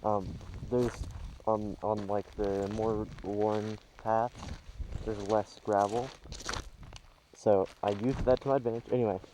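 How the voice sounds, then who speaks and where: Out on a trail and at a scenic overlook, this man speaks slowly in a fairly low, warm, level voice as he rambles through his travel vlog. Fillers and hesitations abound, and his handheld camera mic yields a low-quality recording with a little hiss or hum.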